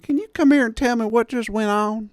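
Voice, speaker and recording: A man's voice: very high-pitched, fairly quick, dry recording, studio quality, pitched above the performer's own voice. A man putting on a sweet old lady. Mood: polite, sweet. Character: sweet elderly Southern lady, chatty and polite.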